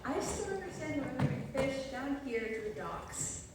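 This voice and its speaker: A woman's voice: high voice, very animated. A woman playing an exasperated nervous chef. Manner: exasperated, quick-talking. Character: anxious reluctant chef accomplice. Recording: echoey room, distant mic, faint noise.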